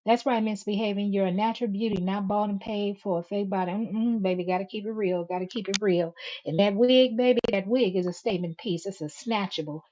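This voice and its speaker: A woman's voice: mid-range voice, brisk, dark tone, a little hiss or hum. Sassy woman host reading live comments. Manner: sassy, emphatic, reads comments aloud. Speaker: channel host. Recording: dull lo-fi stream audio.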